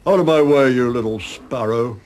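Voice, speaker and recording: A man's voice: medium pitch, moderate pace, darkish tone, natural voice. An older man voicing a big bullying cockerel who talks down with scorn. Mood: sneering. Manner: sneering, scornful.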